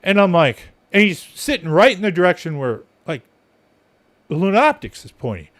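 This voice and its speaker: A man's voice: sits high, sing-song, normal speed, fairly bright tone. A male podcast host telling a story in a casual, rambling monologue, blunt and swearing freely.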